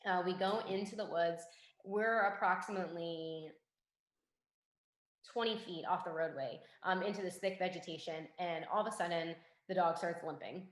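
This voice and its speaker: A young woman, a forensic investigator, telling a story in a casual interview and acting out the quoted dialogue in a lively way. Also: on the low side, moderate pace. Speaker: guest, forensic investigator and K9 handler. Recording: roomy echo.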